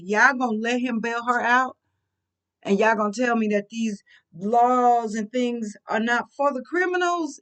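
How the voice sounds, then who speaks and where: A middle-aged woman telling a personal story in an animated, emphatic, colloquial way. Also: fairly high pitch. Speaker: vlogger.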